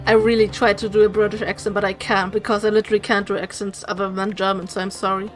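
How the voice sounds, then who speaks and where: A woman playing a story game and making quick, self-deprecating asides between the characters. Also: mid-range voice, flat delivery, faint music behind. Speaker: gamer voicing a story game. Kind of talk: casual aside while playing.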